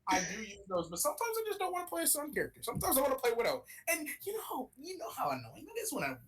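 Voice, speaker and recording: A man's voice: very high voice, huge pitch swings, rapid-fire, fairly bright tone, poor audio. A young man co-hosting a casual gaming podcast, rambling and swearing as he ranks characters. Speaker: podcast co-host.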